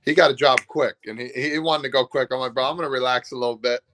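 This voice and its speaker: A man in his thirties, a former ballplayer, telling lively stories in a casual interview and acting out what he said to teammates. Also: medium pitch, fast talker, noisy background. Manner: animated, acts out pep talks. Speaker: former baseball player, guest.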